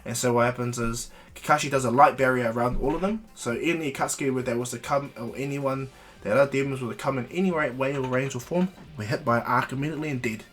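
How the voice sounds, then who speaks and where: A man's voice: medium pitch, fast talker, a bit bright, slightly rough. A man casually telling an improvised fan story, rambling, restarting often and adding asides.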